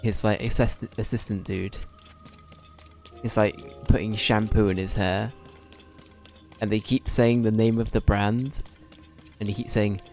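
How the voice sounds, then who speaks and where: A man's voice: lowish voice, little pitch movement, a little slow, pauses often, darkish tone, soft background music. A man streaming a video game, chatting casually in a rambling way and swearing now and then. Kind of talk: casual livestream commentary.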